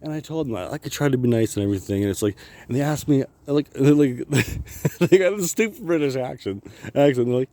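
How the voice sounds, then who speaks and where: A man's voice: mid-range voice, lively intonation, brisk, dark tone, no room sound. A man vlogging a rambling personal story, swearing constantly, laughing often and restarting his sentences.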